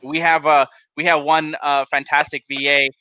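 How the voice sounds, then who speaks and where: A man hosting a casual business podcast, talking in an energetic coaching tone and asking rhetorical questions. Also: on the high side, normal speed, muffled recording, noisy background. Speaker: podcast host.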